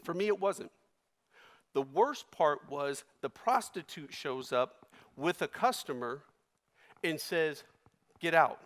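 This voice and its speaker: A man giving a keynote speech, telling a personal story with emotion, his voice swinging between loud and hushed. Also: a little high, animated, slow, pauses often. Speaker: keynote speaker. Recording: long reverb of a large hall.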